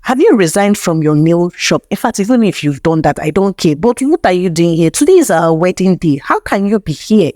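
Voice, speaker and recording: A woman voicing a desperate young bride who pleads with rapid, agitated questions. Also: on the low side, expressive, mellow, no room sound, clean studio sound, natural voice.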